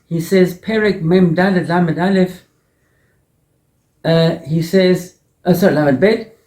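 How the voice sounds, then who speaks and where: A man teaching a Torah lesson as a rabbi in an animated way, often repeating words and mixing in Hebrew terms. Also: sits high, takes it slowly, roomy sound.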